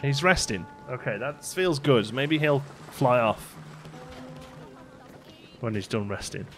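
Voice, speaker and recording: A man's voice: medium pitch, animated, slow pace, fairly bright tone. Male let's play host, medium voice, casual running commentary, faint music behind. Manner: chatty, talks to his game characters. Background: faint game music.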